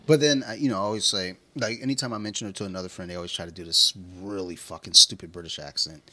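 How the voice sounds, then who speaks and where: Man, low pitch, bright tense tone, blunt, swears a lot, casual chat. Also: fast. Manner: blunt and profane. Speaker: podcast co-host.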